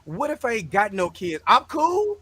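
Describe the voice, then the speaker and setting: High, bright-voiced joking man. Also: moderate pace, husky. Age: adult parent. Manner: animated, joking, slangy. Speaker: show host. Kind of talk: casual movie review chat.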